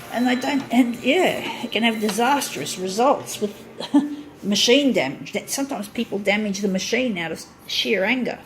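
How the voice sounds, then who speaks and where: A woman's voice: on the high side, measured pace, slight background noise, low-quality recording. A middle-aged woman vlogging casually as she works at a photocopier, rambling, swearing and poking fun at herself. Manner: rambling, swearing, self-mocking. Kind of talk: casual narration while working. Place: room with a photocopier.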